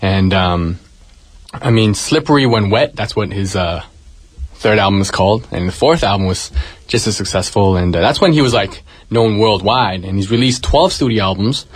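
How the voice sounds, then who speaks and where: A man's voice: on the low side, lively intonation, moderate pace, slightly rough, no room sound. A man co-hosting a radio show, reading out music chart facts in an easygoing, chatty way. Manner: reads out music facts, easygoing, laughs often. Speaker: radio co-host. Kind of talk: casual radio chat. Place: radio studio. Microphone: studio microphone.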